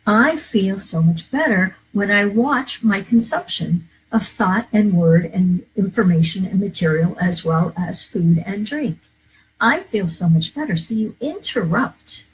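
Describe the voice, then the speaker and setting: Through a low-quality recording with a bit of hiss or hum, a medium-pitched woman minister leads a live inspirational talk. She coaches her viewers earnestly and keeps repeating key phrases.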